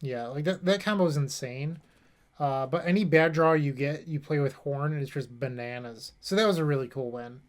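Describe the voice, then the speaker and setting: A man with a fairly high voice talks through his card game as he plays. He rambles, cracks jokes at his own expense, and keeps a loose, casual commentary going. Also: normal speed. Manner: rambling, self-mocking asides. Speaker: gameplay streamer.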